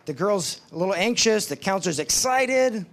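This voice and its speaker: Man telling devotional stories, slightly high. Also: animated, gravelly, a little hiss or hum. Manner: storytelling, acts out quoted voices, slows for emphasis. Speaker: speaker at a ministry summit.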